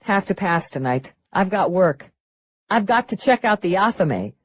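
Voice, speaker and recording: A woman's voice: mid-range voice, lively intonation, measured pace, husky, dry recording. A woman reading an audiobook, voicing a blunt, skeptical female police lieutenant. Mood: dry, skeptical. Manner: dry, blunt, matter-of-fact.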